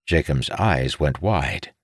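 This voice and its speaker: A man narrating a fantasy audiobook in a steady, expressive reading. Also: very deep voice, takes it slowly, dry recording, clean studio sound.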